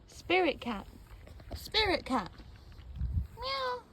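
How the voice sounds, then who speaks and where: A woman talking slowly to her cat in a casual vlog, cooing high sing-song baby talk and repeating soft affectionate phrases. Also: lively intonation. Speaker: vlogger. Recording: loud background noise.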